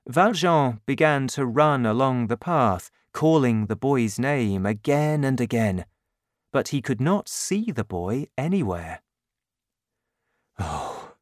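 A narrator reading a storybook aloud at an unhurried pace with clear, expressive phrasing. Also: mid-range voice, no room sound, clean studio sound.

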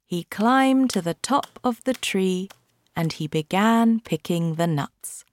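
A woman reading a simple storybook aloud for learners, with clear, deliberate delivery. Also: medium pitch, lively intonation. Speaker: audiobook reader. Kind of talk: graded-reader storybook narration.

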